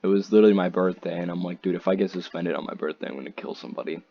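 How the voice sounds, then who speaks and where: A man's voice: sits low, steady tone, racing, vocal fry, lo-fi sound, slight background noise. A teenage boy casually telling a rambling, slangy story, acting out what others said in raised voices.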